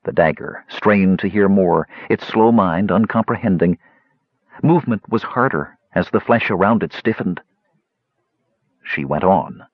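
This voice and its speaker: A man narrating a fantasy audiobook in a measured, expressive reading style. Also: deep voice, no echo. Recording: dry, dull lo-fi recording.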